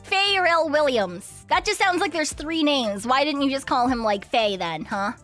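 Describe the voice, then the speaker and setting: A woman's voice: high-pitched, expressive, normal speed, fairly bright tone, soft background music. A young woman streaming a game, chatting in a playful, rambling way, swearing and giggling often. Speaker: VTuber streamer. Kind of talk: casual live-stream chat.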